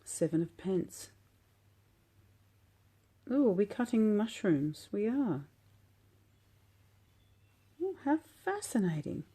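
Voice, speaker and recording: A woman calmly unboxing a tarot deck while sitting on her floor, gushing and admiring each card at an unhurried pace. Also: mid-range voice, slightly rough. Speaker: tarot vlogger. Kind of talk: relaxed unboxing commentary.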